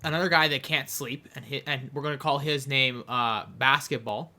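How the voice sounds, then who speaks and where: A young man from Canada telling a long, animated anecdote on a podcast, rambling and often breaking into laughter. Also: mid-range voice, moderate pace. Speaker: podcast host. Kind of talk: casual storytelling chat.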